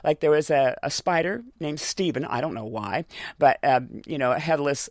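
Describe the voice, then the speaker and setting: Dry-voiced woman telling lively studio stories. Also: deep voice, normal speed, dry recording. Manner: lively anecdotal storytelling with laughs. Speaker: voice actor guest. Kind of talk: casual interview chat.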